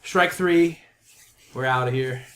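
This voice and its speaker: Slow-paced and a bit bright, this man's mid-range voice hosts a casual video game podcast. He animatedly tells a long story, acting out the voices of the people in it.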